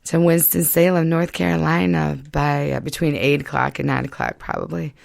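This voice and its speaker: A woman's voice: sits low, fairly even intonation, moderate pace, creaky, a little mellow, dry recording, studio quality. A woman from Michigan, early in recovery, chatting casually as a podcast guest with lots of fillers and easy laughter.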